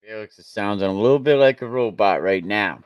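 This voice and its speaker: A man's voice: on the low side, a little fast, clear, resonant tone, no room sound, lo-fi sound. Guy ranting about school sports, blunt, repeats himself, dry sound. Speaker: show host. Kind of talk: casual sports talk.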